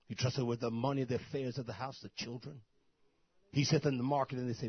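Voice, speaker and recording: A man preaching a sermon, who swings from soft, murmured asides to loud, shouted bursts. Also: mid-range voice, fairly even intonation, fast, slightly rough, no room sound, dull audio.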